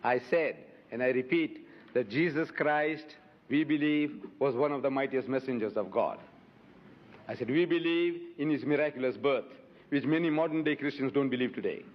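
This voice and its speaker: A man giving an impassioned rebuttal in a public debate, forceful and rhetorical, repeating his questions for emphasis. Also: mid-range voice, normal speed. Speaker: debate speaker answering audience questions. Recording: lo-fi hall recording with long reverb.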